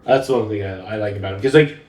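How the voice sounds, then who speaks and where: A man's voice: fairly low pitch, fast, a little mellow, a little hiss or hum. Laughing Texan man in an echoey room. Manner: laughs often, repeats and restarts. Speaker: podcast co-host. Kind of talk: casual chat.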